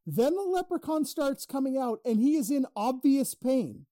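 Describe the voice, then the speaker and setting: A man's voice: extremely high pitch, animated, normal speed, dark tone, no echo. A man co-hosting a podcast in casual, profane banter, arguing and laughing, close on the mic. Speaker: podcast co-host.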